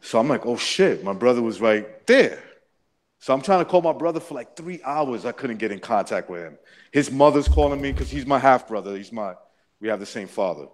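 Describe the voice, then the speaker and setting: A man's voice: medium pitch, expressive, brisk. A man casually recounting a personal story, rambling with many restarts and frequent swearing. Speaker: interviewee.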